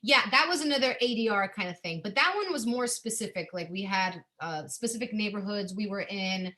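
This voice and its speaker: A woman guest, an actress, chatting casually in an interview, bubbly and quick to laugh, with lots of fillers. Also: medium pitch, sharp tone.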